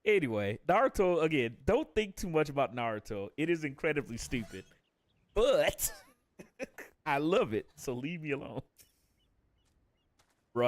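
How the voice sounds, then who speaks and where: Guy streaming live, swearing nonstop, laughing a lot, bouncy and loud, dry close mic, mid voice. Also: mid-range voice, no room sound. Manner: profane, animated, laughs often, mimics characters in quotes. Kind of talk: casual live-stream rant.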